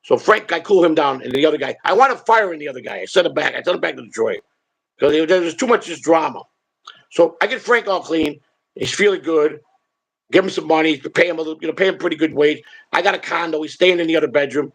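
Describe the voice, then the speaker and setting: On a live stream, a man serving as streamer and show host tells casual stories in a rambling, blunt, foul-mouthed way. He speaks fast in a slightly high voice that's gravelly and a bit rough.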